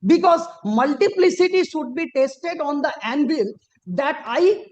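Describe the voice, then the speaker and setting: A man arguing formally before a judge as an advocate, deferential and halting, with frequent restarts and emphatic rises on key points. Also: very high voice, expressive, highs cut off. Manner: deferential, peppered with repeated formal address to the bench. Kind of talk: formal courtroom argument. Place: courtroom.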